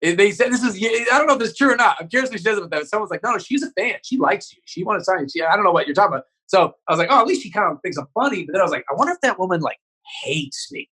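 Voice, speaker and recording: Fast-talking bright-voiced comedian, man. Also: sits high, animated, breathy edge, poor audio. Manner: rambling, profane, many restarts. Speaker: comedian podcast guest. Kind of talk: casual storytelling chat.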